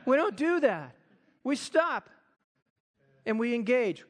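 A man preaching a sermon, animated and acting out quoted voices. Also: very high-pitched, slow. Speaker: pastor.

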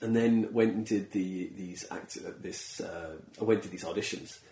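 A man hosting a casual interview, chatty and quick to laugh, acting out little quotes as he tells his stories. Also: sits low, fairly even intonation, dark tone. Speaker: podcast host. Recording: roomy echo.

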